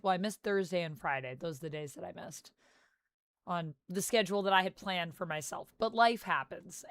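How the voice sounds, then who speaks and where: A woman's voice: mid-range voice, a bit bright, no room sound. A young adult woman from Canada chatting casually on a livestream and greeting her viewers by name. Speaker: streamer.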